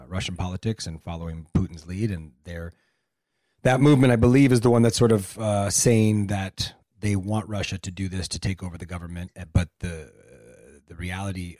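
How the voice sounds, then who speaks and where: A man co-hosting a casual talk show, halting and full of restarts, bluntly opinionated. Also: low-pitched, darkish tone, dry recording, clean studio sound. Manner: halting, many restarts and fillers. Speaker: co-host. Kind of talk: casual chat.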